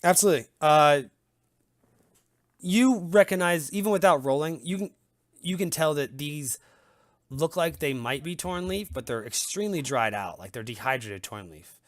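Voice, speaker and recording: A man's voice: fairly high pitch, expressive, moderate pace, no room sound, clean studio sound. A man running a tabletop game as game master, narrating loosely with casual fillers.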